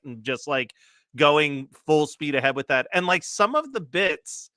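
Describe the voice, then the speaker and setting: A man's voice: fairly high pitch, lively intonation, measured pace, sharp tone, dry recording, studio quality. A man in his late thirties, co-hosting a casual chat and telling a long story full of fillers and laughs. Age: late 30s. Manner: rambling storyteller, many fillers, laughs often. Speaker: co-host.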